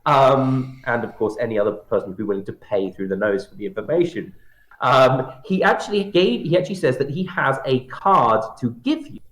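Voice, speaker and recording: A man narrating a tabletop role-playing game as game master, halting and full of fillers. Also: medium pitch, expressive, a bit bright. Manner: hesitant, filler-heavy narration. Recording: roomy echo.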